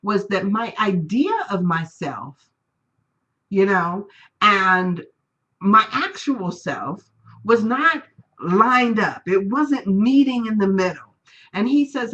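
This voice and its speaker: A woman's voice: medium pitch, animated, slow pace, fairly bright tone, muffled recording. A woman teaching a spiritual class, telling personal stories in a chatty way and acting out the people she quotes. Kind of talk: live-streamed class talk, personal stories.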